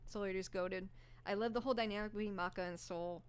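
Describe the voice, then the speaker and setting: A fast-talking young streamer keeps a steady tone in her mid-range, slightly hoarse voice. She gushes and rambles in casual live-stream chat, using lots of fillers.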